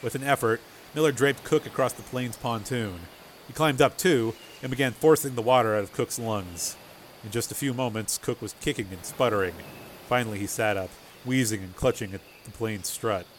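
A man narrating a novel chapter in a steady, measured storytelling voice. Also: medium pitch, a little hiss or hum. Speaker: audiobook narrator. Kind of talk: scripted narration.

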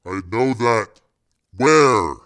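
A man's voice: medium pitch, expressive, drawn-out words, fairly bright tone. A man reading a crime novel aloud, voicing a menacing hitman with clipped street slang. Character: tough, menacing male hitman named Ice.

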